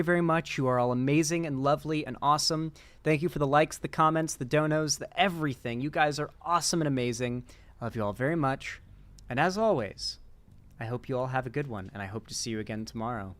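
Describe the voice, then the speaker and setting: This young political commentary streamer has a high, somewhat bright voice with a clear, resonant tone. Closing out his live stream, he chats casually and sleepily, rambling along in a laid-back manner as he thanks his chat and reads donations aloud.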